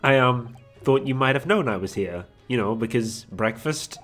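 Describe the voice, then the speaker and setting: A man's voice: mid-range voice, expressive, moderate pace, fairly bright tone, faint music behind, lightly acted. A man voicing a mild, hesitant young male lawyer with a light British accent in a video game. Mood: glum. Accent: British, put on.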